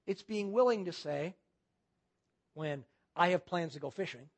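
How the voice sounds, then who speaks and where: A man's voice: high-pitched, a little slow. A man preaching a sermon as pastor, using repetition and rhetorical questions.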